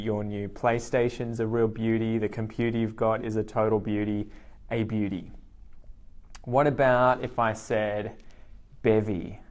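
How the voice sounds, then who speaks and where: Australian man teaching English slang. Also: on the low side. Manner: slow, clear, repeats words for learners. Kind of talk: live online language lesson.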